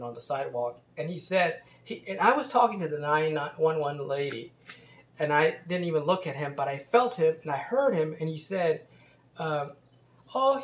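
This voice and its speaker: Man, somewhat high voice, casual storytelling vlog, rambling delivery full of restarts, recorded in an echoey room. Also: a bit bright. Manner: rambling, many restarts and fillers. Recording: roomy echo.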